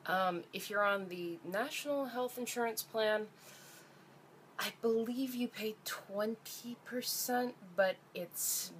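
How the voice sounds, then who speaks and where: A woman's voice: medium pitch, slight background noise. A young woman from Ontario, Canada, ranting to camera in a blunt, profane vlog, her voice climbing as she gets exasperated. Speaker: vlogger.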